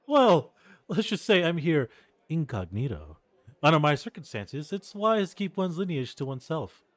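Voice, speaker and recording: A man's voice: fairly high pitch, big pitch swings, normal speed, dry recording. A man reading a polite young noble heir. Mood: courteous. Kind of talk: reading game dialogue aloud.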